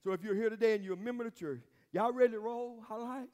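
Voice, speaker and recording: A man's voice: sits high, rapid-fire, a little mellow. A man preaching a sermon as pastor, with emphatic call-and-response and repeated phrases, recorded in a church sanctuary. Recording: long reverb of a church hall.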